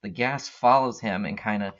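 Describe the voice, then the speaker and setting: A man's voice: fairly low pitch, normal speed, a bit bright. A man hosting a casual comic book recap, retelling the story in a rambling way with many fillers. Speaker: comic book podcast host. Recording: dull lo-fi recording.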